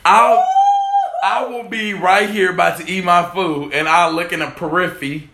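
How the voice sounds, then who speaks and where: Man, podcast host, high gravelly voice, bright tone, joking banter, echoey room. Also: normal speed. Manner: animated, joking, slips into mock voices. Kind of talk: casual chat.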